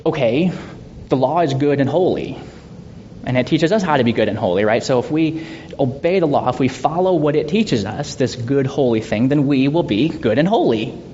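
A man leading a Bible study in a conversational way, asking rhetorical questions and laughing softly now and then. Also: animated, moderate pace. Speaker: Bible teacher. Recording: dull lo-fi sound with faint rumble.

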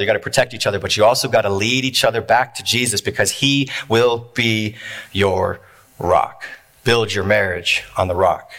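A man preaching a sermon to his congregation, building points through repeated phrases and dramatic pauses. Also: medium pitch, pushed and bright. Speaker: pastor. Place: church.

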